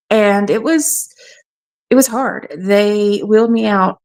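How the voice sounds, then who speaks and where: A woman's voice: medium pitch, fairly even intonation, unhurried. Frank woman telling her story. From South Carolina, USA. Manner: frank, matter-of-fact storytelling. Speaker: radio show guest. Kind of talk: personal testimony.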